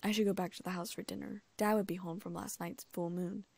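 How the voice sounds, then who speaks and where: A woman narrating a first-person fan fiction audiobook in a lively, amused way, close to the mic. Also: mid-range voice, brisk, creaky, no room sound.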